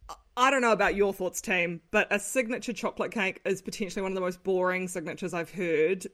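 A woman's voice: mid-range voice, fast talker, a bit bright. Kiwi woman, mid-range voice, lead host of a casual recap podcast, laughs easily. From New Zealand. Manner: upbeat, laughing, steering the conversation. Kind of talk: casual chat.

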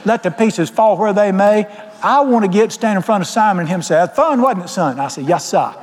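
A man's voice: high-pitched, brisk, darkish tone. A man preaching a fiery sermon in a folksy, joking manner, often hollering. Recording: long hall reverb.

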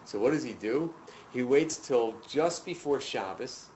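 Animated man teaching a class. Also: mid-range voice, unhurried, highs cut off, a little hiss or hum. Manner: animated storyteller, direct and emphatic. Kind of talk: lecture to a class. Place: room with students.

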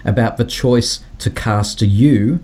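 A man acting as interviewer, with a mid-range voice. He speaks in a measured way and sets up each question with long context before asking it. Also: medium pitch, darkish tone. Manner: measured, lays out background at length before asking.

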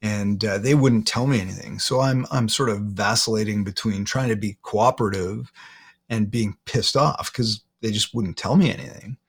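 A man, a guest in an interview, retelling a painful personal story haltingly, often repeating words. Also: lowish voice, slightly rough.

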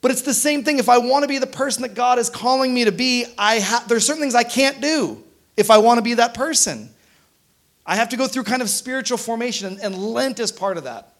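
A man's voice: very high-pitched, a little fast, a bit bright. A man preaching a sermon as pastor, conversational, often checking in with the congregation. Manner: conversational, frequent tag questions.

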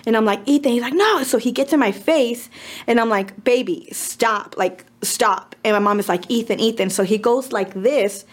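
A woman in her thirties with a slightly high voice tells a story in casual chat. She acts out the lines of the people involved and slips in a few Spanish words. Her delivery is lively and personal. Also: brisk. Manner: animated retelling with acted-out quotes. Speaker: podcast co-host.

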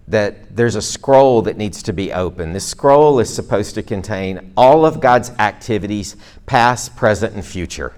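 Lowish-voiced male preacher, chatty. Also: darkish tone. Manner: conversational, self-deprecating asides and jokes; speaks to a live congregation. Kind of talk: sermon.

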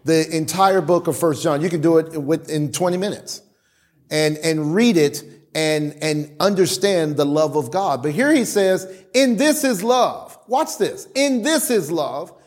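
Male pastor, high voice, animated sermon delivery, acts out worshippers' voices. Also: a little slow.

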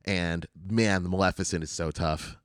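A man's voice: deep voice, moderate pace, no echo, studio quality. A man co-hosting a podcast, casually and animatedly chatting about video games and swearing freely. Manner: animated, swears freely, acts out game lines. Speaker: podcast co-host.

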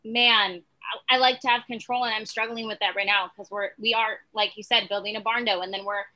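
A woman's voice: mid-range voice, fairly even intonation, brisk, sharp tone, poor audio. A woman sharing her experience in an earnest, chatty way during a casual faith chat, with many fillers.

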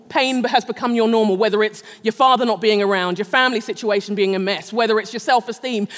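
High-voiced woman preaching in a hall. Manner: humorous, self-mocking storytelling, often laughing. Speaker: speaker at a Christian gathering. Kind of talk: sermon with personal story. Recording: long reverb of a large hall.

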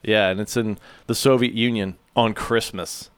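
A man co-hosting a podcast who tells an absurd story with a straight, laid-back delivery and chuckles between lines. His voice sits a little low. The sound is close and dry, with no room echo. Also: steady tone, moderate pace, clear, resonant tone. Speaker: podcast co-host. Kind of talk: casual chat, deadpan tall-tale storytelling.

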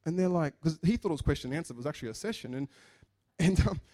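A man's voice: on the high side, very fast. A man preaching a sermon in a chatty, joking way, acting out the people in his stories. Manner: animated, chatty, jokes and acts out quotes. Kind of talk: sermon with storytelling.

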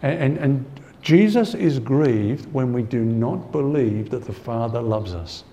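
This sermon comes from a man whose voice is warm, mellow and of ordinary pitch, preaching expressively and a little slowly. He keeps it conversational, restates his main points for emphasis and drops in "you know," all on a muffled recording.

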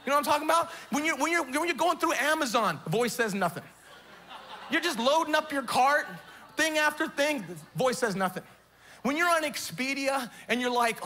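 Man, preaching a sermon, emphatic, repetitive, bright voice. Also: very high voice, expressive, fairly quick. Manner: emphatic, rhetorical questions, repeats for stress. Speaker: pastor.

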